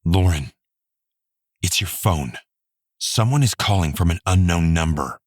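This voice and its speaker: A man's voice: low-pitched, expressive, a little slow, dry recording, studio quality. A man voicing a tense male FBI agent giving directions.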